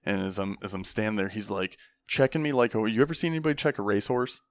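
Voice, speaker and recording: A fairly low-pitched young man talks at a quick pace with no echo. An army veteran, he tells stories casually, acting out quoted people animatedly and swearing a lot.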